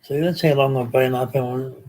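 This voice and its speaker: An Australian man hosting a live stream, chatting casually with viewers and reading their comments, slow and rambling with many pauses and restarts. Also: medium pitch, fairly even intonation, warm tone.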